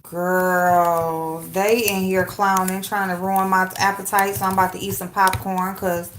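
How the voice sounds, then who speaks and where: A woman runs a casual live stream, chatting and naming viewers as she greets them. Her mid-range voice has a fairly bright tone and little pitch movement, at a moderate pace. The recording carries room echo and background noise.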